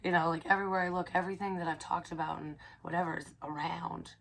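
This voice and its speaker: A woman psychic medium casually telling a personal story, excitable and profane, dropping into hushed asides. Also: fairly low pitch, quick pace, creaky, a little hiss or hum.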